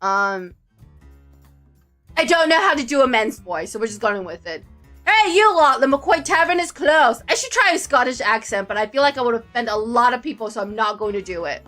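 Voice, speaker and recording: A woman streamer narrating a visual novel with playful, jokey, excitable asides. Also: a little high, fairly quick, faint music behind. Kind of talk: playful game commentary and narration.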